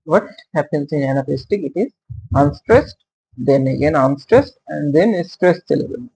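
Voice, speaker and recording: A man teaching poetry meter in a lecture, speaking haltingly with many fillers and frequent "okay" checks, and sounding out stress patterns aloud. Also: on the high side, expressive, gravelly, darkish tone, husky, rough recording. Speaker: literature teacher. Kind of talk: explanatory lecture.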